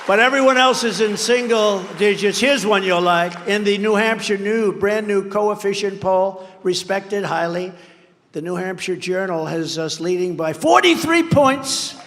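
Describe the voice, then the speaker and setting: His voice sits high and moves a little slowly over a noisy background. He is a political candidate at a large rally venue, rambling and boasting at a podium microphone and mocking rivals by playing out their words. The recording has a long, large-venue reverb.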